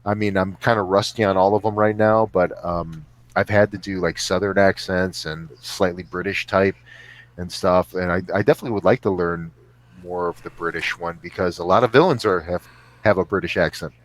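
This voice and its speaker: A man's voice: low voice, fairly even intonation, brisk. A man chatting casually as a podcast guest over a remote call, rambling and joking with frequent laughs. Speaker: guest actor.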